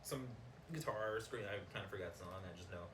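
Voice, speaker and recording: A man's voice: fairly low pitch, fairly quick, fairly bright tone. A young man co-hosting a casual podcast, telling a story in a laid-back way with lots of fillers. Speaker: podcast co-host. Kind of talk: casual chat. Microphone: backup recorder, not the new mics. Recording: roomy, distant, faint noise.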